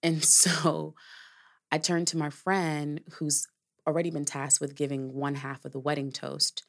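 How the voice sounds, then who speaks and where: A woman's voice: deep voice, fairly even intonation, a little slow. A woman hosting a podcast, telling a personal story in a candid, reflective way, with casual swearing and filler words. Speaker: podcast host.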